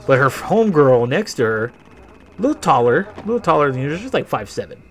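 A man's voice: medium pitch, big pitch swings, fairly quick, fairly bright tone, faint music behind. A man telling a rambling, profane personal story during a game playthrough, often correcting himself. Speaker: gaming channel host.

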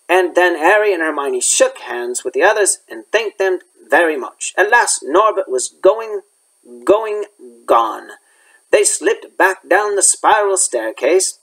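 A male schoolteacher reading a children's novel aloud in an expressive storytelling manner. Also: fairly high pitch, low-quality recording. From United States. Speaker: teacher.

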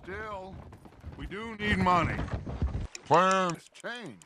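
A scheming outlaw gang leader. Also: male voice, high voice, extremely slow, background noise. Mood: earnest. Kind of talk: video game dialogue.

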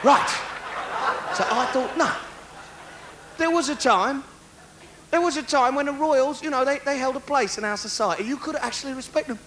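A man, doing a live stand-up routine, ranting fast and shouting his punchlines. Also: extremely high pitch, slight background noise. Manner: rapid, ranting, animated delivery with shouted punchlines. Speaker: stand-up comedian. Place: large concert hall with live audience. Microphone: stage microphone. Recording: roomy live hall recording with faint crowd.

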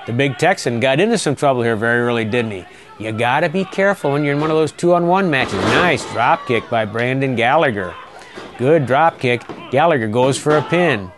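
A middle-aged man giving folksy, excitable play-by-play commentary on a wrestling match. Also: medium pitch, normal speed, a little hiss or hum.

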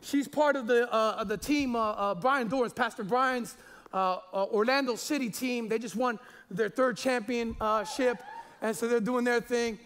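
A man's voice: extremely high pitch, fairly even intonation, normal speed, fairly bright tone, clear, resonant tone. A man in his forties, a pastor preaching a sermon in a chatty, jokey way, stumbling over repeated words and fillers.

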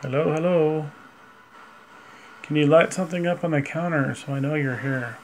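A man running a ghost-hunting session, asking questions slowly and patiently as he calls out to spirits. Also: fairly high pitch, fairly even intonation, darkish tone, a little hiss or hum, rough recording. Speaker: paranormal investigator.

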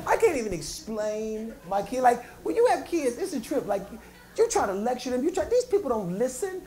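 A man doing a stand-up comedy set, telling stories with lively, loud punchlines. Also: very high voice, a little fast. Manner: animated storytelling, loud punchlines. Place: comedy club stage. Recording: echoey club with crowd noise. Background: audience laughter.

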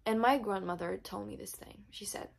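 A woman's voice: medium pitch, moderate pace, vocal fry. A young woman, not a native English speaker, telling an emotional personal story in her vlog, with many filler words. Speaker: vlogger.

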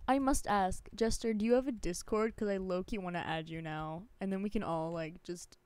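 A woman's voice: medium pitch, fairly even intonation, moderate pace, a little mellow, clean tone, no echo. A woman streaming a survival game live, reacting dramatically to her chat with gasps, squeals and swearing. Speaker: Twitch streamer.

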